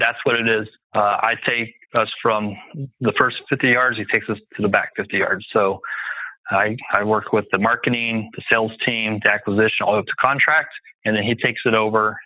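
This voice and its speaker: A man's voice: fairly low pitch, no room sound. Guy on a thin dry phone line, sure of himself, stacks his points in lists. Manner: confident, emphatic, repeats points in lists. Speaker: guest real estate investor. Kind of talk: casual podcast interview.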